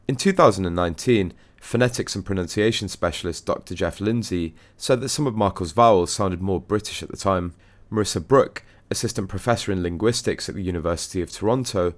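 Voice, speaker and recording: A man reading a scripted news story aloud in a steady, formal manner. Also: low-pitched. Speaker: news narrator.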